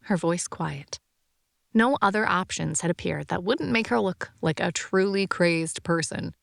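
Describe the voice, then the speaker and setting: A woman narrates a science fiction audiobook in an even, measured way. Her voice sits low with a gravelly edge. The recording is dry and close, with no room sound. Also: dry recording.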